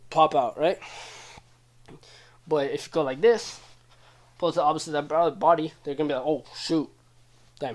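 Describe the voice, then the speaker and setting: A young man casually teaching wrestling moves, loose and chatty, often checking in with "right?". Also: a little high. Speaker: wrestling coach. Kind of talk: casual instructional video.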